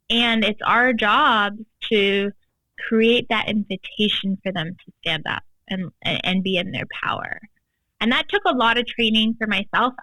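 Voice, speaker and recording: A woman's voice: mid-range voice, a bit bright, no echo, poor audio. Woman coach chatting on a podcast, emphatic, says like a lot, dry sound. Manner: emphatic, frequent "like" fillers. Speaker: guest, tantra and embodiment coach. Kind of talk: casual podcast chat.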